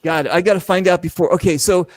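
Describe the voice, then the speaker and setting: A middle-aged man with a slightly high voice hosts a casual show. He tells anecdotes in an animated way, acting out other people's lines as he goes. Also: quick pace, no room sound, poor audio. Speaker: podcast host. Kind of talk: casual storytelling.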